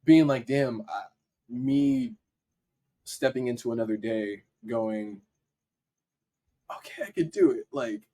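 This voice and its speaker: A man, a podcast guest, telling a story in casual slang and acting out his own excited reactions. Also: medium pitch, measured pace. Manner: animated, acts out his own reactions in quotes; casual slang, frequent "like" fillers. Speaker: podcast guest, dancer and video editor.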